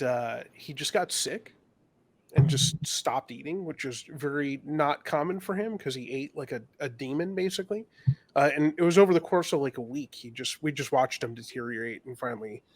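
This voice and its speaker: A man speaks in a casual podcast chat, dropping dry interjections. He tells his own stories plainly, at a middle pitch. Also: normal speed, dry recording. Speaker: podcast co-host.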